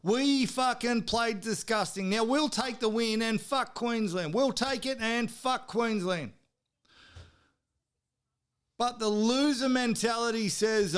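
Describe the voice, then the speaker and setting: Australian male podcast host, high smooth voice, heated sweary rant with bursts of shouting. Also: takes it slowly. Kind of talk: profane sports rant.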